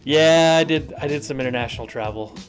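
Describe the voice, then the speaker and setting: A man's voice: on the high side, a little fast, music in the background. A man co-hosting a podcast in casual chat, joking and rambling through half-remembered stories. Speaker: podcast co-host.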